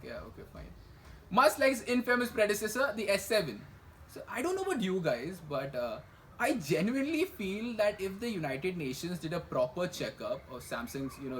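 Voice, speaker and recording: A man's voice: high voice, a little hiss or hum, poor audio. A young man hosting a satirical news show, full of sarcastic asides and rhetorical questions. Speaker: comedy news show host.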